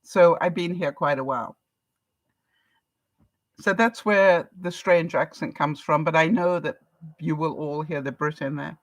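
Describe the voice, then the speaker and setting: An older Englishwoman with a low voice chats unhurriedly on a live stream, leaving long pauses as she reads viewer comments aloud and laughs often. She's a vlogger from England, and the recording has no room sound.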